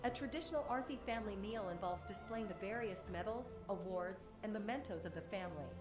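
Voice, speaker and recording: A woman's voice: mid-range voice, a little fast. A woman voicing a cheerful, chatty young villager in a game, with an AI-generated voice. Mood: friendly. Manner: chatty, lightly joking. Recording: echoey game audio over music.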